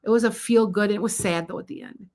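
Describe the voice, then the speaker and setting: A woman's voice: mid-range voice, fast talker, darkish tone. A middle-aged woman, a psychic tarot reader chatting through a live-stream reading in a rambling way, with laughs and restarts.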